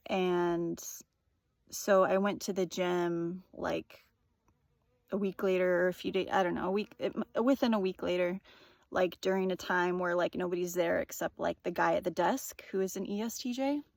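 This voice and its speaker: A woman's voice: lowish voice, creaky, dry recording, studio quality. Rambling young woman telling a story. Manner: rambling, many fillers, swears freely. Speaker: vlogger. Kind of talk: casual storytelling monologue.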